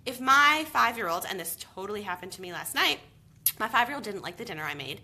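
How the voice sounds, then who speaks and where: A woman's voice: medium pitch, fast talker. A woman in her thirties, a baby sleep coach, giving emphatic advice to viewers in a live video question-and-answer. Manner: emphatic, animated advice with lots of "okay?".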